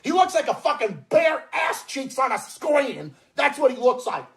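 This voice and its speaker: A man with a Massachusetts accent ranting loudly and profanely in a mocking, angry online video. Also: very high voice, big pitch swings, normal speed, creaky. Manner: profane, loud, mocking outbursts.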